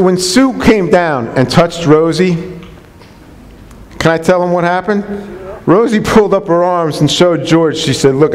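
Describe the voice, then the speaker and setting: A man, a chiropractor, giving an unscripted and enthusiastic talk to colleagues, repeating his points with earnest conviction. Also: sits high. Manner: earnest, repetitive, enthusiastic preaching tone with restarts. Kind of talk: unscripted talk to a live audience. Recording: long hall reverb.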